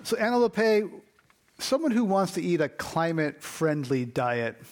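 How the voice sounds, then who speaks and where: A man hosting a radio panel discussion, running a quick quiz with his guests in a brisk, upbeat way. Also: a little high, sing-song, soft background music. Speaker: radio show host.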